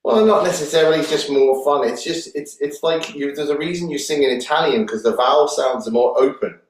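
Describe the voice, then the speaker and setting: A man's voice: fairly high pitch, a little fast. A man from Liverpool, a fitness trainer chatting casually while coaching a workout and counting reps. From Liverpool, England. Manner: chatty, bursts into song, counts reps aloud. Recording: echoey room, voice from a distance, faint noise.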